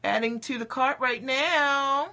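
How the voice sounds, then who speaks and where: Bright, forceful woman coach cheering viewers on. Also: sits high, slow. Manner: upbeat and encouraging, keeps asking "okay?" and "right?". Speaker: coach for mothers in business. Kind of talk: motivational livestream talk.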